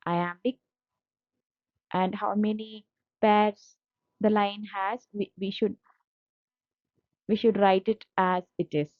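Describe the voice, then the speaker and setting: A woman's voice: medium pitch, fairly even intonation, slow, long pauses, no echo. A woman teacher, explaining slides patiently and repeating points, with fillers. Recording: dull lo-fi dry audio.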